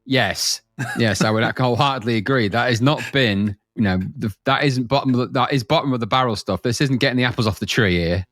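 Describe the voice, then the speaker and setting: A man's voice: mid-range voice, a little fast, a bit bright, no room sound, studio quality. A middle-aged man hosting a podcast, moving from a scripted intro into a chatty, laugh-filled conversation. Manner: chatty, self-mocking, laughs often. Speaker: podcast host. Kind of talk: scripted intro then casual chat.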